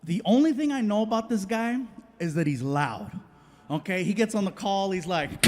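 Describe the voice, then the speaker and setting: A Mexican American man doing stand-up on stage, telling stories with animated acted-out dialogue. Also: high voice, normal speed. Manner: animated, acts out dialogue with voices. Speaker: stand-up comedian. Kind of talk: stand-up storytelling. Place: comedy stage before live audience.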